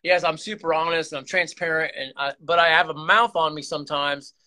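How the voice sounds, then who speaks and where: A man's voice: fairly high pitch, fairly even intonation, a little fast, pushed and bright. A man hosting his own channel, talking earnestly and emotionally in a rambling confessional way, with many restarts and repeated words. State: emotional, close to tears. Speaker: YouTube channel host. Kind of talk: candid confessional vlog talk.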